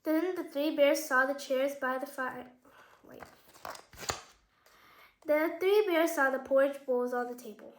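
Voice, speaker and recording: A woman's voice: fairly high pitch, steady tone, moderate pace. A woman reading a picture book aloud to children, casually explaining the pictures and asking questions. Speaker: children's story reader. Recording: echoey room.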